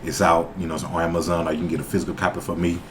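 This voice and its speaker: A man's voice: low-pitched, little pitch movement, very fast. A man appearing as a guest author on a podcast, laid-back and easygoing. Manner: laid-back, plugging his book. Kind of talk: casual podcast chat. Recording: noisy recording.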